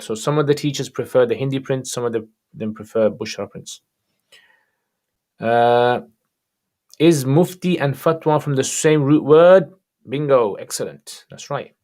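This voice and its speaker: On a livestream, a man with a medium-pitched voice takes religious questions, reading each viewer's question aloud before answering in a relaxed, casual manner.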